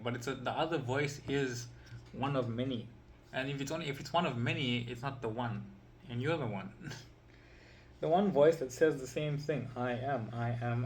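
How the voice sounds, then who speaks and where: A man at an ordinary middle pitch gives an informal coaching lesson, drawing with a pen as he goes. His talk wanders and circles back on itself, and he keeps asking "right?" or saying "you see". A faint noise sits under his voice. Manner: rambling, repeats himself, keeps checking in with "right?" and "you see"; chuckles now and then while explaining. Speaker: empowerment coach. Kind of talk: informal spoken teaching.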